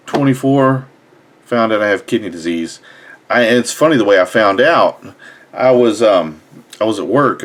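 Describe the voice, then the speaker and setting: Profane, blunt young man telling a story. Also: lowish voice. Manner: blunt, profane, animated retelling. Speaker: fitness vlogger. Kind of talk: casual storytelling.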